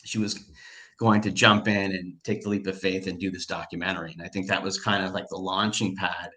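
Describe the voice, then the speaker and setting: A man recounting an experience in easygoing conversation. His voice sits a little low but has a forceful, bright edge. He tells it with excitement, stumbling over restarts and loose fillers as he goes. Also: brisk. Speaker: storyteller recounting a personal experience. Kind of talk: casual conversational storytelling.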